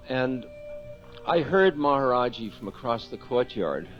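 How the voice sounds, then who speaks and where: A man gives a spiritual talk, telling a candid story at his own expense and breaking into chuckles. His voice sits in a middle range for a man. The recording is dull and lo-fi, with faint music underneath. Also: medium pitch. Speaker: spiritual teacher.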